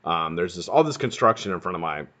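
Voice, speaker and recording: A man's voice: low-pitched, animated, quick pace, fairly bright tone. Joking, profane male live-stream host. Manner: profane, joking, boastful banter. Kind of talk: casual live-stream chat.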